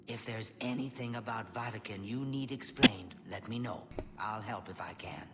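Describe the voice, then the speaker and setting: A woman's voice: rumbling low, normal speed. An actress playing a sulky female elf scholar in a video game, muttering bitterly and expecting the worst. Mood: grudging. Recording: distant, reverberant game audio with hum.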